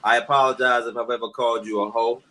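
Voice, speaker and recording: A man's voice: mid-range voice, flat delivery, fast, bright, forceful tone. A man chatting as a guest, telling jokes and stories and often repeating words as he starts. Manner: joking storyteller, repeats words when starting. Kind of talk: casual chat.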